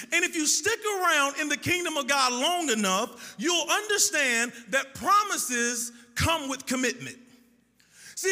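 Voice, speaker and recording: High, bright-voiced preacher in a hall. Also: male voice. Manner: sing-song preaching cadence; storytelling with acted-out dialogue. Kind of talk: sermon. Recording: long reverb of a large hall.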